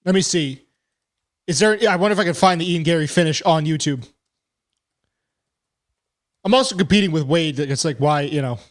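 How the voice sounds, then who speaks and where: A man hosting a live commentary stream, chatting casually and talking to himself as he reacts, his voice going hoarse. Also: on the high side, moderate pace, long pauses.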